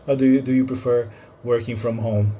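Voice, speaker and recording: A man's voice: mid-range voice, fairly even intonation, brisk, mellow, a little hiss or hum. A man giving a short, friendly English lesson, explaining a phrase and asking the viewer questions. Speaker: English teacher.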